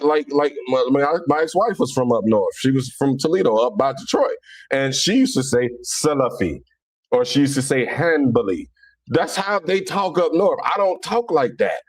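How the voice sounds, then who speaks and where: A man's voice: on the high side, moderate pace. Rambling Cincinnati man with Southern-leaning accent. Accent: Cincinnati, Southern-leaning American. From Cincinnati, Ohio, USA. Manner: animated, rambling, stammering restarts. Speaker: Islamic commentator. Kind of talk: casual monologue.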